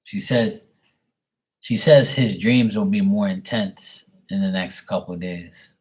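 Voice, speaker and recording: A man's voice: on the low side, a little slow, darkish tone. A young man doing a live tarot reading on camera, relaying messages in a rambling way full of fillers. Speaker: tarot reader. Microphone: webcam at desk.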